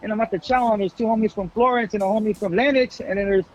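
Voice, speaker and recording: Fast high-voiced man telling stories. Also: fairly even intonation, slight background noise, low-quality recording. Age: 40s. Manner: rapid street slang, swears freely. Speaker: guest. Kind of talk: casual interview storytelling.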